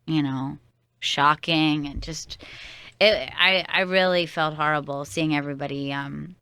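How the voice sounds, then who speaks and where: A woman's voice: deep voice, fairly even intonation, measured pace, sharp tone, clean tone, no echo. A woman co-hosting a radio talk show, chatting supportively and agreeing often. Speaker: radio co-host.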